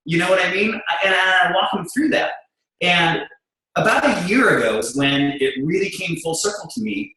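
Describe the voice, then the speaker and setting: A middle-aged man with a high voice speaks at normal speed, his candid story told to an audience about doing business with his wife. Blunt and animated, he acts out their exchanges. The low-quality recording has heavy reverb and a little hiss or hum.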